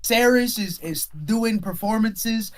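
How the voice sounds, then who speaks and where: A man narrating a tabletop game as dungeon master in a relaxed, rambling way. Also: high-pitched, slow. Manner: relaxed, with fillers and restarts.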